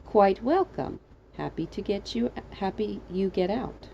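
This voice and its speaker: A woman's voice: mid-range voice, gravelly, dull audio, a little hiss or hum. A woman voicing a kind short man who speaks in short, broken phrases, read in a storybook reading. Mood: friendly. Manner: halting foreign-accented speech.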